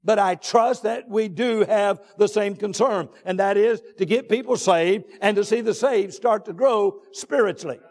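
Man, pastor, very high-pitched voice, emphatic sermon, drawn-out repeated phrases, long reverb of a big church hall. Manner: emphatic preaching, rising to shouts on key points; drawn-out deliberate phrasing with repetitions. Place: church sanctuary.

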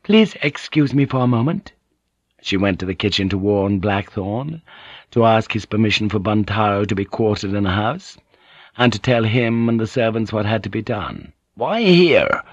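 Male audiobook narrator, measured and steady, dry close recording. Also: lowish voice, no echo, dull audio. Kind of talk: scripted narration.

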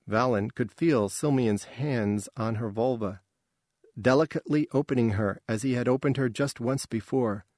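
A man reading a science fiction story aloud in a slow, measured way. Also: medium pitch, a little mellow, no room sound, studio quality. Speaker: narrator. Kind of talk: audiobook reading.

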